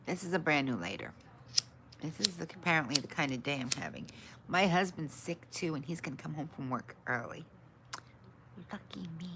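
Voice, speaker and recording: A woman's voice: expressive, a little fast, noisy background. Frustrated woman livestreaming, grumbling. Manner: frustrated, grumbling at her tech; switches to bright, high greetings for viewers. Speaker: livestream host. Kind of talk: casual livestream chat.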